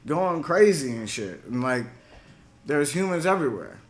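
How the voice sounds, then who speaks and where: A man's voice: on the high side, sing-song, normal speed. A man telling an old myth as a profane, slang-heavy comic story, acting out the gods as casual dudes. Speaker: storyteller host.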